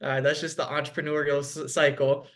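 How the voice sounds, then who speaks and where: A man's voice: on the high side, flat delivery, fairly quick, a bit bright. A man on a video call, talking business as a guest in a loose, conversational way with lots of fillers. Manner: conversational, frequent "like" and "um". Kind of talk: casual video call chat.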